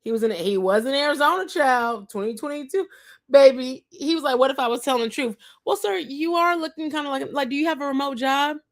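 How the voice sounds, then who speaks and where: Chatty higher-voiced woman host. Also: brisk. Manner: chatty, animated, acts out quotes of others. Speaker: podcast host. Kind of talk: casual recap chat.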